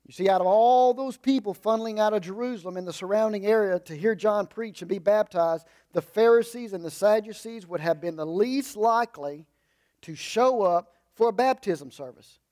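High-voiced and relaxed, a preacher gives a folksy, conversational sermon at a moderate pace, pausing for humorous asides. He drives points home in raised bursts, then drops into quiet, low comments.

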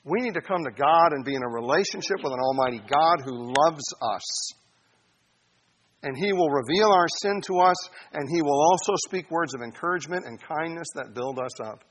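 A man preaching a sermon, animated, addressing his listeners as saints and acting out little voices. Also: a little high, normal speed. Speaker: pastor.

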